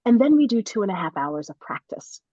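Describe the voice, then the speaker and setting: A middle-aged American woman telling a story in a casual interview, animated and laughing often, with many restarts. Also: medium pitch, fairly quick, no room sound, highs cut off. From United States. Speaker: author guest.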